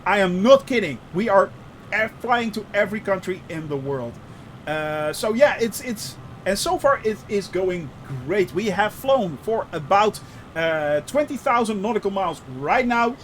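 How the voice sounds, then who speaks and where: Chatty guy streaming a flight sim, fairly high voice, lots of uh's, faint hum behind. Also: sing-song, moderate pace, poor audio. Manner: chatty, greets viewers by name, many fillers. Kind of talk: live-stream chat while flying.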